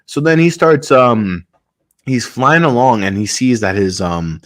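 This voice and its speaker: A man's voice: mid-range voice, measured pace. A man hosting a podcast, retelling a story in a casual, rambling way with many fillers and some swearing. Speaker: podcast host.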